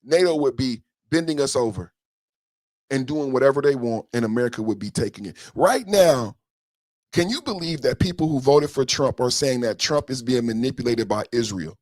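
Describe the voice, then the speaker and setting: A man's voice: mid-range voice, animated, moderate pace, a little mellow, no room sound. Ranting male podcast host, dry sound. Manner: ranting, repeats lines for emphasis; profane and slangy. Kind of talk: heated political commentary.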